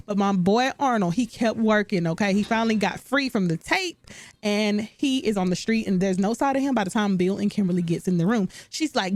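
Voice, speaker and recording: A woman's voice: medium pitch, fairly quick, no room sound. Chatty woman doing a sitcom recap, talks right at you, dry close sound. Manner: chatty, animated, talks straight to viewers. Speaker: recap host. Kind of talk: casual recap commentary.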